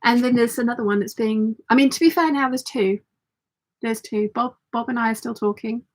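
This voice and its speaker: A woman hosting a casual sewing livestream, chatty and reading viewer comments aloud, her voice slightly croaky. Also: fairly high pitch, fairly quick. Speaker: sewing channel host.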